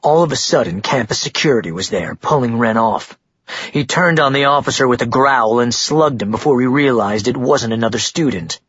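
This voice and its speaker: A male audiobook narrator reading in a steady storytelling manner. His voice is mid-pitched and very husky. The recording is dry, with no room sound, and its tone is dull. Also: fairly quick, no echo. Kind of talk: scripted narration.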